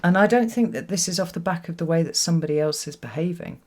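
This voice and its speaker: A fast-talking tarot reader with a medium-pitched, slightly mellow voice gives a reflective solo reading to camera. She frequently repeats words for emphasis and checks in with "right?", while children are nearby in the home.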